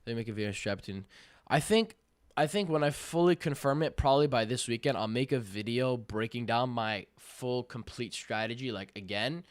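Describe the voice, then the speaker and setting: A young man giving casual, slangy commentary on a live trading stream, hyped and breaking into loud cheers. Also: medium pitch, moderate pace. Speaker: livestream day trader.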